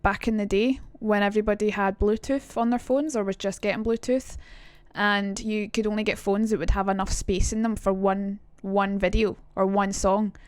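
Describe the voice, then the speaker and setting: A young woman with a Scottish accent chatting casually on a live stream, quick and swearing now and then. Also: mid-range voice, little pitch movement, clear, resonant tone, no room sound. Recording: dry room, faint music.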